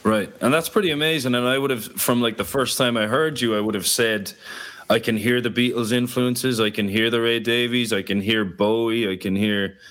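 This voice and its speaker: A man's voice: mid-range voice, fairly even intonation, moderate pace, fairly bright tone. A man interviewing a friend in casual conversation, supportive and agreeable.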